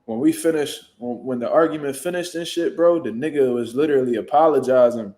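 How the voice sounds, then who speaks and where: A man, a boxing trainer, telling a story in casual, profane, animated talk and loudly acting out what people said. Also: mid-range voice, fairly quick. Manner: profane, animated, jumps into loud acted-out quotes.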